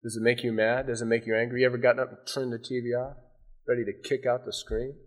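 A man preaching a sermon, animated, often dropping to a hushed, intense voice for emphasis. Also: mid-range voice, fast talker. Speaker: pastor.

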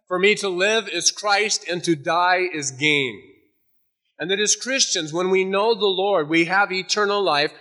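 Male pastor giving a sermon, bright forceful voice, a bit high. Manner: storytelling with a joke, then earnest preaching.

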